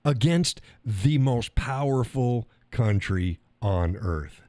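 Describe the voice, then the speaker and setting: A man's voice: medium pitch, lively intonation, slow pace, dark tone, no room sound. Blunt, profane American man ranting. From United States. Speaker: live stream host. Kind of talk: casual opinion monologue.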